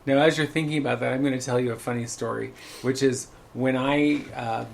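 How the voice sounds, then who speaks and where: A man co-hosting a podcast, chatting casually and telling animated stories. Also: medium pitch, brisk, creaky, slight background noise. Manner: chatty storyteller, animated when quoting. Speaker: podcast co-host. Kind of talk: casual chat.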